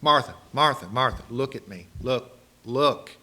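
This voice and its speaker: A man's voice: mid-range voice, a little slow, sharp tone. A man voicing a patient, insistent teacher. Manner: insistent, repeating a name to get attention. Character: patient male teacher calling for attention.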